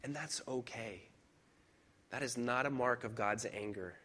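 A man's voice: mid-range voice, sharp tone, husky. Conversational male pastor preaching. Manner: conversational and personal, with reflective pauses; emphatic repetition. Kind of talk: sermon.

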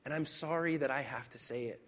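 Speaking as a pastor, a man with a mid-range, fairly bright voice gives a personal, conversational sermon, using reflective pauses and emphatic repetition.

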